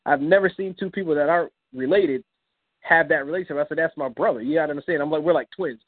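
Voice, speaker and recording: A young man on a phone line to a radio show tells his own story with deep earnestness. His somewhat high voice climbs as he acts out the words of the people in it. The sound is dry and tinny, like a telephone call. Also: fast talker, no echo. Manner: earnest, acts out quoted dialogue with rising pitch. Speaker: guest, comic book creator. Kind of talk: emotional personal storytelling in an interview.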